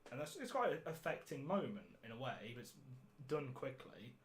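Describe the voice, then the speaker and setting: A man's voice: mid-range voice, sing-song, fairly quick, a little hiss or hum. A man hosting a podcast, reviewing a film in casual chat, sarcastic and ranting, swearing freely and laughing at his own jokes. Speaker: podcast host.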